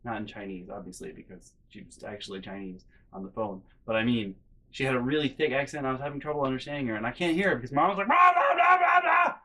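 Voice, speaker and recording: Animated, bright-voiced male storyteller. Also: medium pitch, quick pace. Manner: animated, profane, self-mocking. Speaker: vlogger. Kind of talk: comedic storytelling.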